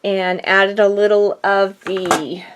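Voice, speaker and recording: A woman's voice: mid-range voice, level tone, takes it slowly, background noise. A middle-aged woman chatting casually in her home craft studio, rambling and a bit out of breath. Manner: rambling, chatty, self-deprecating. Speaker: crafting vlogger. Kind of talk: casual chat.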